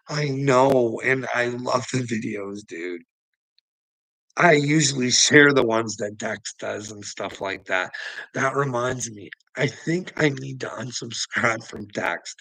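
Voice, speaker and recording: A man with a gravelly, fry-heavy voice and a tense, sharp edge rants to his viewers. He laughs constantly through his sentences, swears freely and mocks people by name. The sound is dry and close. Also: medium pitch, no room sound, poor audio. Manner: laughs constantly while talking, profane and mocking. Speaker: channel host. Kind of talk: rambling livestream rant.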